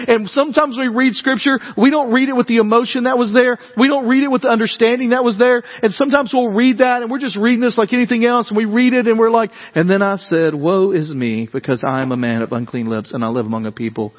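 High-voiced young preacher in a reverberant church. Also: male voice, quick pace, few pauses, lo-fi sound. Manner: conversational preaching, dramatic rises when quoting. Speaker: pastor. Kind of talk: sermon. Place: church sanctuary.

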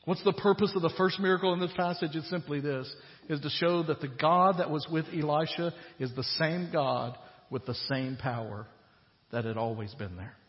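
Man preaching a sermon, slightly high voice, casual retelling turning emphatic, long hall echo, dull lo-fi sound. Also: fairly even intonation, moderate pace. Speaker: pastor.

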